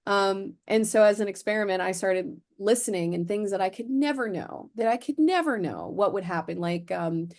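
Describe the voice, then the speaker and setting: A woman of about forty from Florida, speaking as a podcast guest. She tells her stories with lively energy and acts out the conversations she quotes. Her talk is full of "like" fillers and quick asides. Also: mid-range voice. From Florida, USA. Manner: animated, acts out quoted dialogue, frequent "like" fillers. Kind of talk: casual interview storytelling.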